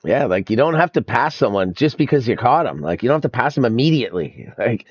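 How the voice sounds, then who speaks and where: A man's voice: mid-range voice, very animated, fast, breathy edge, dry recording. A young man streaming sim racing, chatting casually with friends, laid-back, swearing and laughing a lot. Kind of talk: casual chat over voice chat.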